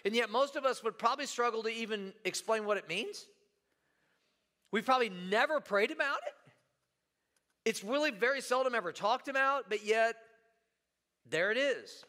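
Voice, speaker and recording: High bright-voiced male pastor preaching. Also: lively intonation, moderate pace, pauses often, in a large hall. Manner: conversational, repeats words, asks the room "right?". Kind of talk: sermon. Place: church.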